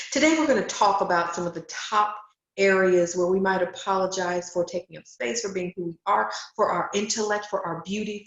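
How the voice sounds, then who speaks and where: A middle-aged woman speaks straight to her listeners in an emphatic, encouraging motivational talk. Her voice sits at an ordinary pitch. The sound is roomy and a little dull, as if recorded in a bare room. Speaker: speaker and coach.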